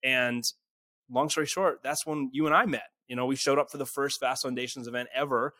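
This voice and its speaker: Talking fairly quickly in a mid-range voice, a twenty-something man from small-town Canada shares a story as a podcast guest with no echo on the recording. He's lively and casual, performing the quoted dialogue as he goes.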